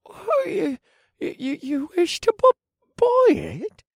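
A man voicing a nervous poor male thief who stammers and pleads in a high voice. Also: wildly swooping pitch, takes it slowly, creaky, no room sound, studio quality, full character voice. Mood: pleading.

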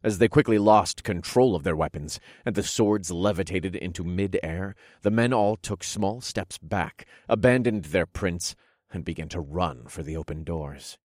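A man narrating an audiobook in a dramatic, dark storytelling manner. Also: deep voice, unhurried, dry recording, studio quality.

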